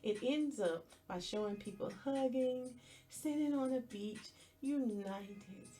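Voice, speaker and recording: Slow-talking, chatty woman podcast host. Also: on the high side, faint music behind. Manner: chatty and expressive, with playful asides. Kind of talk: casual TV episode recap.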